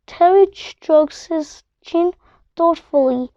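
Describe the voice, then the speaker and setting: A woman reading a children's book aloud, unhurried, giving the characters' lines in much the same voice as the narration. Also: high voice, mellow, no room sound. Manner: unhurried storybook reading with character quotes in a similar voice. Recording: dull, muffled dry recording.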